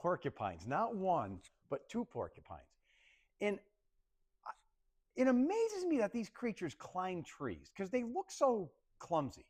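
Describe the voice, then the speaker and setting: A man's voice: sits high, a little slow. A man presenting a casual TV weather forecast, joking and laughing with a co-host. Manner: playful, animated, laughs often. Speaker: TV meteorologist.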